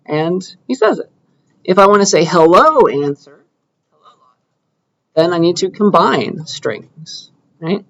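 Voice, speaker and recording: In a lecture room, a computer science lecturer with a fairly high voice teaches a programming class, coding live while chatting casually and frequently checking in with students. The recording's highs are cut off.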